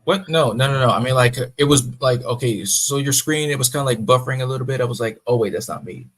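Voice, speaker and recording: A man's voice: medium pitch, fast talker. A man co-hosting a casual online stream who rambles with enthusiasm. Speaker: stream co-host.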